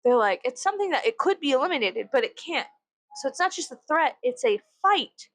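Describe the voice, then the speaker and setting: A woman's voice: high-pitched, big pitch swings, brisk, fairly bright tone, dry recording. Profane rambling woman, dry close sound. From United States. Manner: rambling, profane, filler-heavy with frequent "like". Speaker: vlogger. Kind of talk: casual chat to camera.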